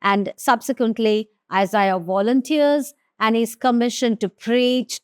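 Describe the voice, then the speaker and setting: Woman Bible teacher, measured and deliberate, reads verses then unpacks them, slightly high voice. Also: fairly even intonation, clean tone, dry recording, clean studio sound. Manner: reads scripture aloud, then explains it slowly with emphasis. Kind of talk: slow devotional Bible teaching.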